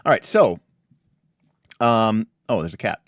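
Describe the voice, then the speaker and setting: A man with a low voice that swings widely in pitch, hosting a casual livestream about tabletop games. He talks in bursts, circling back with restarts and asides. The sound is dry and close, with little room around it. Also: a little slow, no echo. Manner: animated, many restarts and asides. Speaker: livestream host. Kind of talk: casual chat reviewing a tabletop game.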